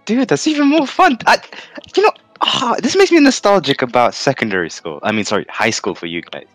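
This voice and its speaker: A man's voice: on the high side, animated, a little fast, a bit bright, no echo, soft background music. A man from London, casting a game tournament in a rambling, jokey way and laughing often. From London, England. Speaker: tournament caster. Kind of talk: casual game commentary.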